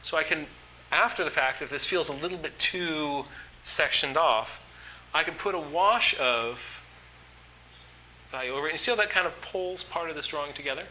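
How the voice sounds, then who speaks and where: A man's voice: on the high side, normal speed, bright, forceful tone, slight background noise, rough recording. A man teaching an art workshop, talking in an enthusiastic, conversational way with frequent fillers. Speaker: art instructor. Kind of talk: workshop lecture.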